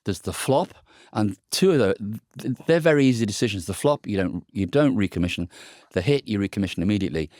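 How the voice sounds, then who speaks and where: A man's voice: lowish voice, expressive, a little fast, a little mellow, no room sound, studio quality. A man co-hosting a podcast, speaking in blunt, teasing casual chat. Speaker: podcast co-host.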